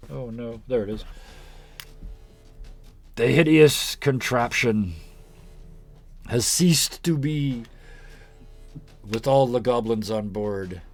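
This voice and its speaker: A man's voice: medium pitch, takes it slowly, pauses often, soft background music. A man narrating as game master, loose and joking, laughing often.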